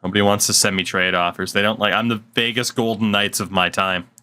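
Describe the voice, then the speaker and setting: A man's voice: on the low side, fairly even intonation, a little fast, bright, forceful tone, clean tone. A man giving casual, sarcastic gameplay commentary at his desk mic. He swears freely and mutters to himself as he plays. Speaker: gaming channel host.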